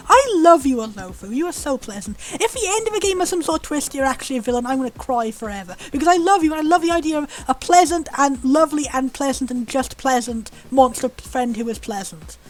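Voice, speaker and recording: A British woman giving bubbly, excitable commentary while playing a video game. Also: sits high, a little fast, hardly any pauses. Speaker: let's play host. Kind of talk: gameplay commentary.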